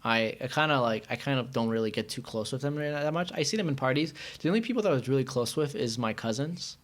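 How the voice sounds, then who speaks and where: A man's voice: medium pitch, animated, quick pace. Rambling man from Iran, casual chat. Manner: rambling, filler-heavy, often says "like". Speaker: podcast guest.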